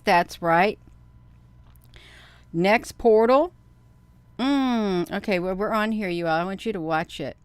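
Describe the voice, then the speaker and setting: A middle-aged woman hosting a video, chatting casually to viewers, counting out loud and getting excited. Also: on the low side, clear, resonant tone, no echo. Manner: counts aloud, talks straight to viewers. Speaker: video host. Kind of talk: casual screen-share commentary.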